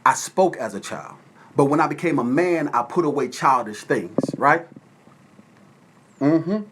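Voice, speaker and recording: A man from Atlanta, Georgia, hosting a casual livestream from his phone at home and shouting out viewers by name. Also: a little high, animated, unhurried, a little hiss or hum. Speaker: livestream host. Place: at home with windows open.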